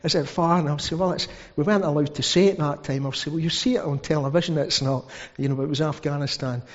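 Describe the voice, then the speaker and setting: In a church hall, a man preaches a sermon as pastor, telling stories and adding asides. His voice is fairly high and he talks fast. The sound is dull, with long hall reverb.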